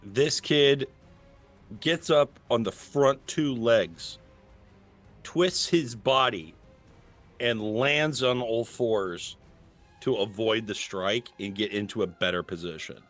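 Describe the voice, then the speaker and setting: A man's voice: medium pitch, slow pace, a bit bright, soft background music. A man narrating a tabletop game as its game master, playful, describing the action and then voicing onlookers. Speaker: dungeon master.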